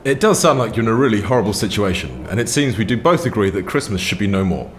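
A man playing a calm, dry interviewer in a comedy sketch. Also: on the low side, fast talker, a little hiss or hum, natural voice.

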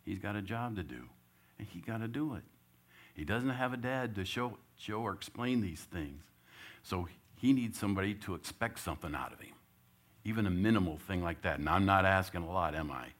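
A man giving a church talk, telling a personal story and loudly acting out what he said as a coach. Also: low-pitched, brisk. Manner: animated storyteller, gets loud acting out his own coaching. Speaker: church speaker.

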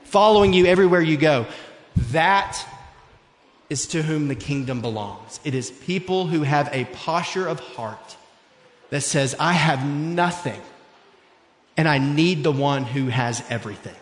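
A man's voice: a little high, expressive, measured pace. A man in his thirties preaching a sermon in a church, earnest and conversational, with personal stories. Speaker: pastor. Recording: echoey hall.

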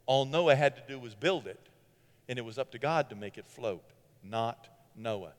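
A man preaching a sermon in an animated way, with sarcastic asides, swinging from loud to hushed. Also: mid-range voice, moderate pace, in a large hall.

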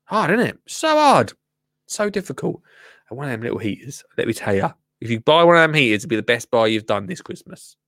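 A chatty English man hosts his show with a jokey, rambling, casual delivery. His voice sits at an ordinary middle pitch and is recorded dry and close. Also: very animated, a little fast, fairly bright tone, dry recording. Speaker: show host. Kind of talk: casual live show chat.

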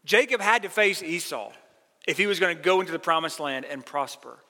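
Bright-voiced preacher in a reverberant hall. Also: male voice, fairly high pitch, fairly quick. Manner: earnest preaching, quoting scripture with rising emphasis. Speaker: pastor. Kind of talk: sermon.

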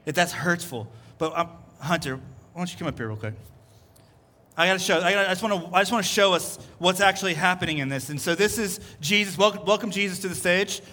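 A man's voice: high-pitched, quick pace, bright, forceful tone. A male pastor preaching a sermon in a loose, chatty storytelling way. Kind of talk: casual conversational sermon.

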